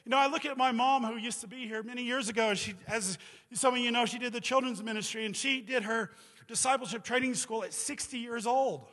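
Man in his 40s, missionary preacher, high bright voice, chatty rambling sermon, big echoey hall. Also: fairly quick. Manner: casual, rambling with many "you know"s and "like"s. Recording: reverberant hall.

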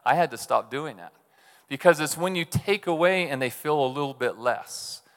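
A man's voice: a little high, animated, normal speed, a bit bright. A man preaching a conversational sermon, telling stories and often checking in with the congregation with "right?". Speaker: pastor. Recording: long reverb of a large hall.

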